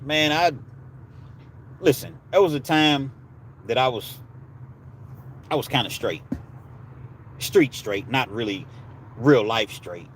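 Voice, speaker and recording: Hosting a live stream, a man with a medium-pitched voice chats casually with viewers and spins laid-back stories in street slang, with a little hiss or hum in the recording.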